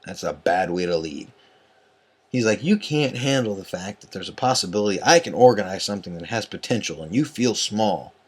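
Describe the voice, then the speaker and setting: A man's voice: on the low side, animated, a little fast, slightly rough. A tired man ranting late at night as an online group admin, angry and profane, rambling with many fillers. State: tired and yawning.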